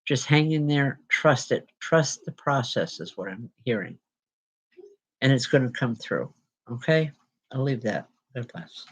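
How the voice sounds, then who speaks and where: A woman medium giving spirit readings to a live audience, talking in a halting, searching way with many fillers and restarts. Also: rumbling low, animated, slightly rough, poor audio.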